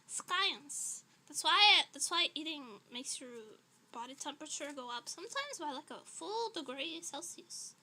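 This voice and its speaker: A woman's voice: high-pitched, lively intonation, moderate pace, pushed and bright. A woman streamer in casual livestream chat, rambling and chatty with frequent laughs, slightly out of breath.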